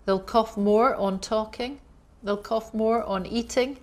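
A woman's voice: a little high, steady tone, slow, darkish tone. A woman giving a lecture, explaining at length with fillers and acting out coughing fits and gasps. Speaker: homeopathy lecturer. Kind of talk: recorded lecture.

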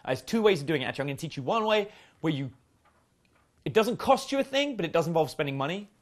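A man coaching on dating in a loose, chatty way. His pitch swings widely and sits a little high for a man. He fills his talk with "like" and "um". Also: animated, fast talker. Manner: chatty, uses many fillers and acted quotes. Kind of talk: casual seminar talk.

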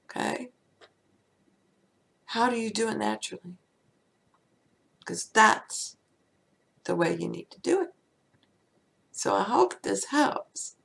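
A woman's voice: mid-range voice, very animated, slow, creaky, pauses often. A woman hosting an inspirational spiritual talk, asking the listener many rhetorical questions. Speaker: spiritual teacher and host.

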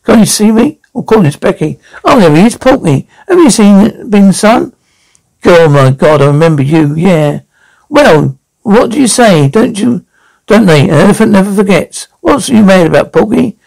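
A gravelly, rude old nan. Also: female voice, medium pitch, lively intonation, moderate pace, a little mellow, rough recording. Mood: mocking. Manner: heckling, taunting, name-calling. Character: brash foul-mouthed old London nan, rude and cheeky. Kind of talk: TV sketch comedy acting.

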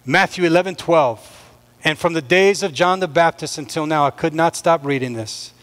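A man with a high, lifted voice gives a sermon to his congregation. He preaches with mounting fervor, pressing his listeners to come forward. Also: moderate pace, fairly bright tone, big-room sound. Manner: impassioned preaching, rising and pressing. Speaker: pastor.

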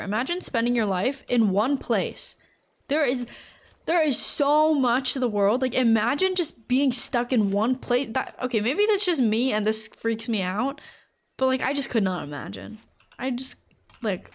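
A woman streaming a game live, chatting casually and rambling, with lots of fillers and frequent laughter. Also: on the high side. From United States.

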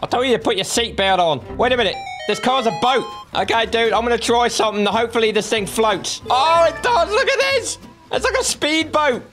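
A man voicing a comedic taxi driver in a game video, excitable and playful, with frequent yelps and exclamations. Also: very high-pitched, a little fast, music in the background. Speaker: narrator and lead voice. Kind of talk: comedic game roleplay voiceover.

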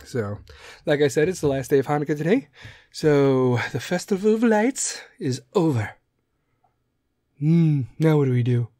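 A man's voice: a little high, expressive, moderate pace, pauses often, mellow, dry recording. Profane rambling man, dry close sound. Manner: profane, rambling, goes off on tangents. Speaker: podcast host. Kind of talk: casual solo podcast rant.

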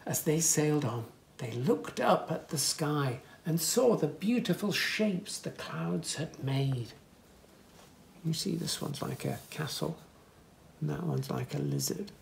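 Slow, gravelly man reading a picture book. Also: on the high side, lively intonation, slight background noise. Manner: gentle, pointing things out with soft asides; lifts voice for animal speech without distinct characters. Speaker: children's story reader.

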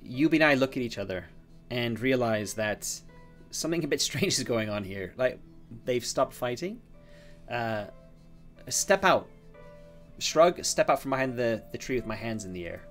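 A man's voice: medium pitch, expressive, moderate pace, fairly bright tone, faint music behind. A man narrating his own solo tabletop role-playing game, thinking aloud with many fillers and restarts. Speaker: solo game master and player.

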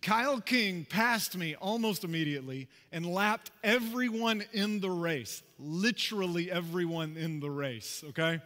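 A man preaching a sermon as pastor, telling a personal story in a conversational, animated way with asides to the congregation. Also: high-pitched, measured pace, hardly any pauses, in a large hall. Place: church sanctuary.

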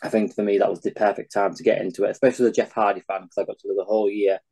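A man's voice: on the low side, level tone, very fast, warm tone, husky, low-quality recording. A young Yorkshire man in his twenties, a charity founder talking earnestly as an interview guest. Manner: earnest, enthusiastic reminiscing. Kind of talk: casual interview chat.

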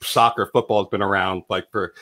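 A man co-hosting a casual talk show, telling stories in a lively, joking way. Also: brisk. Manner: animated storyteller, jumps to a high comic voice when joking. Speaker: co-host. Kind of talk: casual chat.

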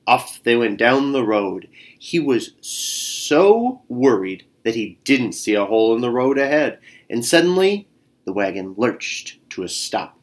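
A man reading a picture book aloud, expressive and adding sound effects. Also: mid-range voice, a little slow. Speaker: storyteller.

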